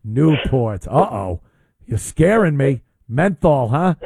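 A man's voice: medium pitch, very animated, slow, creaky, darkish tone, husky, no echo, clean studio sound. A man hosting a call-in radio show, chatting and teasing callers in a joking way. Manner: teasing, joking, puts on silly voices. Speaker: radio talk show host.

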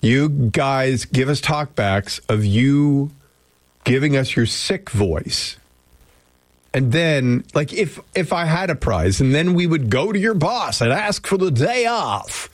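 A man's voice: mid-range voice, animated, slow pace, no room sound. A man hosting a casual radio show, wandering from one thought to the next with a joking, self-interrupting delivery. His voice is close and dry, with no room sound, like a studio booth. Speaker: radio host. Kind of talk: casual morning radio chat. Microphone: studio microphone.

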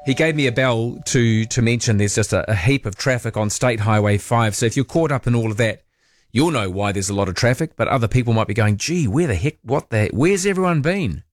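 A man's voice: on the low side, fairly quick, no room sound. NZ-accented male radio host, casual rambling chat, dry booth. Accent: New Zealand. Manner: chatty, reads texts aloud, rambling asides. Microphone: studio mic.

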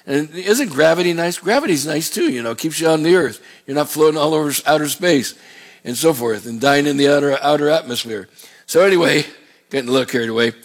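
A man's voice: a little high, animated, fairly quick. A male pastor preaching a sermon in a folksy, digressive and earnest way. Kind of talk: sermon with scripture reading.

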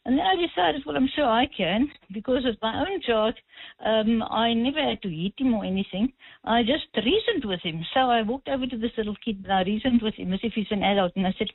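A woman on a tinny phone line, her voice husky and a little higher than most, swinging up and down with feeling. She tells her story firmly, pausing now and then to find her words. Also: animated, no room sound. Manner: firm, storytelling, some hesitations. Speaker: caller. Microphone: telephone.

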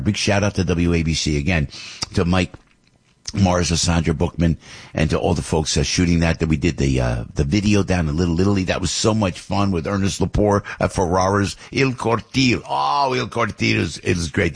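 A man's voice: sits low, husky. A man hosting a talk show, rambling in a chatty, casual way with lots of fillers and asides. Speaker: radio talk host. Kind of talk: casual monologue.

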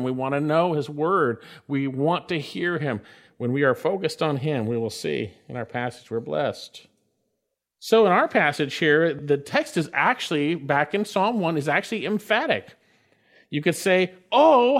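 A man preaching a sermon, reading Bible verses aloud and explaining them with emphatic, rising delivery on the quoted lines. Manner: expressive preaching, pitch swings up on quoted scripture; reads verses aloud with references. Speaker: pastor.

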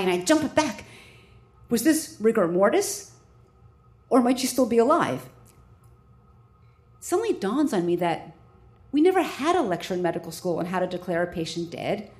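A woman doctor tells a personal story to listeners in a lively, wry way. Her voice sits at a middle pitch, and she leans into comic timing as she goes. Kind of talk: stage storytelling.

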